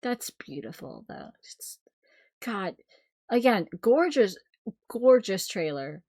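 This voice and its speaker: Expressive woman streamer, dry sound. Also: mid-range voice, takes it slowly, no echo, faint music behind. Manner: expressive, swearing, laughing often. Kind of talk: casual live reaction stream.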